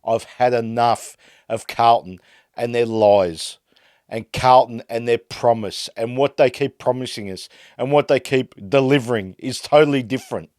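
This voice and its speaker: Australian male podcast host, exasperated sports-fan rant, mid-pitched, dry recording. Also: moderate pace, no room sound. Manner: fired-up, exasperated ranting that swings loud and quiet. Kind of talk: ranting fan commentary.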